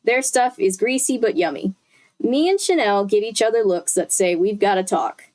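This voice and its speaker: A woman's voice: on the high side, animated, moderate pace, darkish tone. Chatty young woman reading aloud. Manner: chatty, with self-corrections and asides to chat. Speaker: streamer reading a book aloud. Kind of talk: casual live read-aloud.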